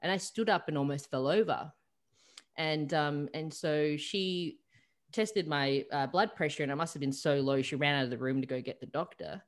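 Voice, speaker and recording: An Australian woman, a holistic coach, telling a personal story over a video call, lively and full of fillers. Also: deep voice, normal speed. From South Australia. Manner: animated retelling with acted-out quotes and many fillers. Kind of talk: storytelling in an interview.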